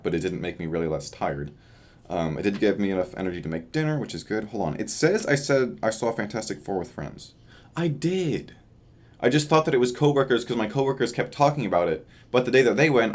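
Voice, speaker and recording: A man's voice: fairly low pitch, darkish tone. A tired young man chatting loosely in a casual video diary, with lots of fillers. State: tired from lack of sleep. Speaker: vlogger. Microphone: camera facing him.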